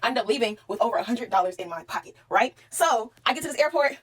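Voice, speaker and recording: A young woman, telling her life story to camera in a casual, profane and animated way. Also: a little high, fast talker, slightly rough. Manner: animated, profane, talks straight to the viewer.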